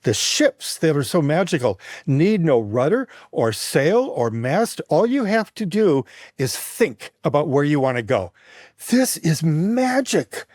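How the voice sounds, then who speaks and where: A man guesting on a talk show, retelling an ancient myth with lively expression and frequent restarts. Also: a little high, unhurried, no echo, studio quality. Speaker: guest, mythologist and writer. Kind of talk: animated storytelling in conversation.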